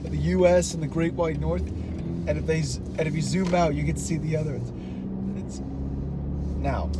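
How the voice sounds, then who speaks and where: Slow, rambling American man. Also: fairly high pitch. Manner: slow, rambling, laughs often. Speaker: show host. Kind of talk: casual chat on a car ride. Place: inside a car. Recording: road noise in a car.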